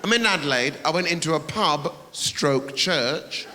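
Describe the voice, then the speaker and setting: A man's voice: fairly high pitch, lively intonation, unhurried. A man doing a brash stand-up comedy set, swearing and teasing the audience in a large theatre. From England. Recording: reverberant theatre with audience noise.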